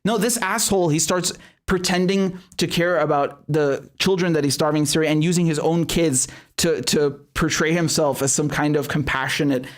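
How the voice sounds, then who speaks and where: A man hosting a live commentary stream, his voice sitting a little higher than most men's. He talks bluntly and swears freely, stumbling over restarts as he goes. He reads viewer messages aloud and answers them. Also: steady tone, normal speed. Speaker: show host.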